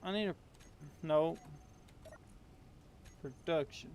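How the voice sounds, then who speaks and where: A young man from Appalachian Kentucky, US, with a Southern accent, drawls and rambles through filler-heavy gameplay chat. His pitch is fairly high, his pace slow, his tone darkish, with a little hiss or hum.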